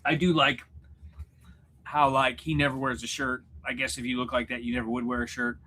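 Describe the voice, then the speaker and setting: A man's voice: mid-range voice, level tone, brisk, bright, forceful tone. A man, chatting casually on a livestream. He rambles and jokes at his own expense. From Missouri, USA. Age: 40s. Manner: rambling, self-deprecating, joking. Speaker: livestream host chatting with viewers. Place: room at home, in front of a mirror.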